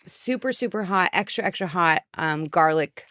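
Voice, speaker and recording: A woman co-hosting a podcast in casual chat, blunt and sarcastic, chatty and quick to swear. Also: lowish voice, expressive, sharp tone, no room sound, clean studio sound. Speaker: podcast co-host.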